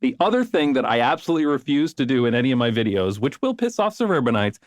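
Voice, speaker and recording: A man hosting a conversational podcast, casual and animated, swearing and mimicking people to make his point. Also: medium pitch, fast talker, no room sound. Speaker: podcast host and video creator.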